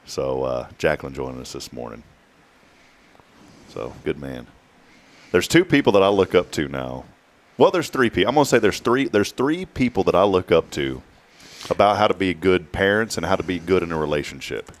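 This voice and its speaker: A man's voice: deep voice, very animated, moderate pace. A man hosting a morning talk show, chatting casually and jokingly, drawing out key words.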